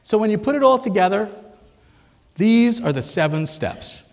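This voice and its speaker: A middle-aged man giving a psychiatry lecture to a live audience, engaging and animated, acting out the thoughts he quotes. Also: high-pitched, moderate pace. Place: large hall at an expo. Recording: reverberant lecture hall.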